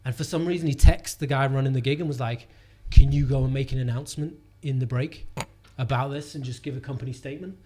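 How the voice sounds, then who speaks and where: A young man tells a story in loose, casual chat. He rambles and swears freely, fills every gap with "like", and his voice sits at an ordinary middle pitch. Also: fairly even intonation, quick pace, few pauses, dark tone, husky. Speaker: comedian guest. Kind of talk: casual anecdote telling.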